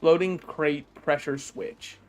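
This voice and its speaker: Brief: male livestreamer, slightly higher voice, projects loudly, jokey self-deprecating gameplay chatter over faint game music. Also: steady tone, takes it slowly. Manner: projects his voice loudly, joking and self-mocking. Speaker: streamer. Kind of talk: casual gameplay livestream commentary.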